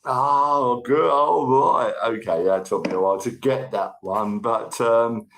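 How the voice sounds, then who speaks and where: Guy hosting a live stream, chatty, thanks everyone by name, bit of a tickly cough, gravelly voice. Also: medium pitch, measured pace, slight background noise, poor audio. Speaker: livestream host. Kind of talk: casual live chat reading viewer comments.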